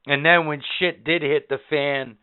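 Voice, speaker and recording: A man hosting a casual podcast, counting down favorite moments with excited, profane storytelling. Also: fairly high pitch, unhurried, smooth. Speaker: podcast host. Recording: phone-like narrow band.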